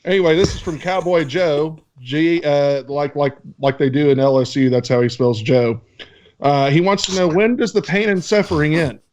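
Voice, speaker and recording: A man's voice: a little high, moderate pace, a little mellow. A man co-hosting a casual podcast, reading listener questions aloud with loose, joking banter and a bit of swearing. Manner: loose, joking, swearing, stumbles over names.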